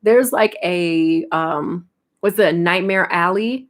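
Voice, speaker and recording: A woman's voice: fairly low pitch, slow pace. A young woman streamer with an American accent, chatting casually, telling stories and laughing often. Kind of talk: casual chat.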